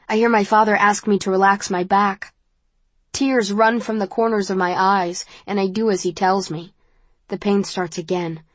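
A woman narrating an audiobook in the first person, measured and intimate. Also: medium pitch, no echo.

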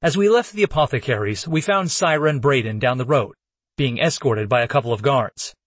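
A man's voice: medium pitch, lively intonation, fairly quick, no room sound. A man narrating a first-person fantasy audiobook in a casual, wry way.

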